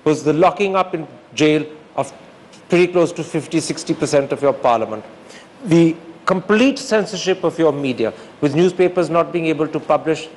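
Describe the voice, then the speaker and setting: An older man speaks in a high, clear register, building each point with formal, deliberate emphasis. A faint background hum sits under his voice. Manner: measured, emphatic, formal phrasing. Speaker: interviewer and author answering audience questions. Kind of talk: articulate public talk.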